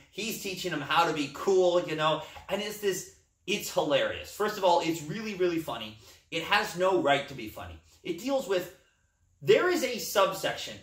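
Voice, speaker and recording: Excited man gushing about a film. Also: on the high side. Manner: enthusiastic, rambling film gushing. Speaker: podcast co-host. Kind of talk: casual movie chat. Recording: echoey room, distant mic.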